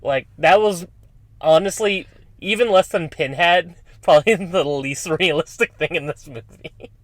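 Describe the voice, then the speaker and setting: A man's voice: a little high, unhurried, no echo. A young man co-hosting a podcast, chatting casually about a horror film and laughing often while he talks. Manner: relaxed, laughs often while talking, grossed-out reactions. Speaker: podcast co-host. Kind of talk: casual horror movie chat.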